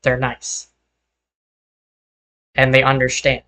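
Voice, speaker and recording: A man's voice: mid-range voice, monotone, slow, sharp tone, poor audio. A young man streaming a game, chatting casually and rambling as he vents, swearing freely. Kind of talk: casual chat while gaming.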